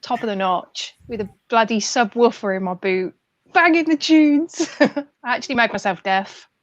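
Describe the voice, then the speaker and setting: A woman's voice: medium pitch, steady tone, moderate pace, fairly bright tone, dry recording. A bubbly woman chats on a group video call and laughs easily. Her audio sounds muffled and completely dry, with no room behind it.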